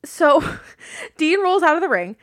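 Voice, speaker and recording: A woman co-hosting a wrestling podcast, talking in a blunt, animated, casual way and swearing freely. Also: very high-pitched, unhurried, no echo, clean studio sound. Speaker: podcast co-host. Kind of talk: casual wrestling recap chat.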